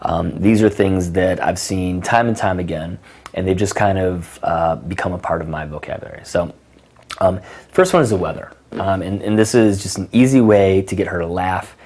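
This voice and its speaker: A young man talks through dating advice in a loose, casual way, his voice sitting a bit low. He leans on fillers and restarts and slips into acted bits of conversation to show his point. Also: moderate pace, darkish tone. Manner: casual, filler-heavy, acts out both sides of conversations. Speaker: dating coach. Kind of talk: instructional monologue with acted example lines.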